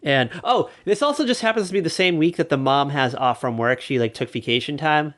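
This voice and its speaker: A man's voice: fairly high pitch, expressive, a little fast, fairly bright tone. Rambling jokey male podcast co-host. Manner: rambling, jokey, acts out quotes in raised voices. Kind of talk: casual chat recapping a TV special.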